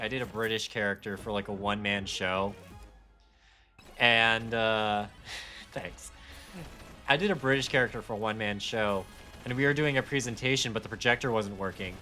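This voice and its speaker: Male gaming streamer, low-ish voice, bright and edgy, rambling casual chat, faint music behind. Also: lively intonation, moderate pace, long pauses. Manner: rambling, self-deprecating, slips into accents.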